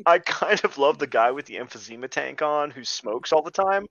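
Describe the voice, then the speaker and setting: A man's voice: medium pitch, animated, brisk, few pauses, a bit bright. A man co-hosting a casual movie podcast, rambling and laughing as he retells scenes. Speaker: podcast co-host. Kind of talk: casual movie review chat.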